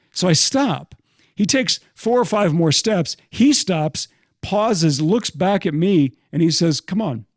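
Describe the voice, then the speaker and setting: A man's voice: a little high, no echo, studio quality. Middle-aged male sportswriter spinning a story. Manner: lively anecdotal telling, quick asides, self-deprecating. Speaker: podcast host and newspaper sportswriter. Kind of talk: first-person storytelling monologue.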